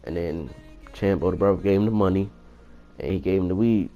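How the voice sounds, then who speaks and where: A young man with a very low, deep voice tells a personal story in a casual, rambling way. He swears freely and retells the events with animated energy. Faint music plays quietly behind him. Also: brisk, lo-fi sound. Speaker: vlogger.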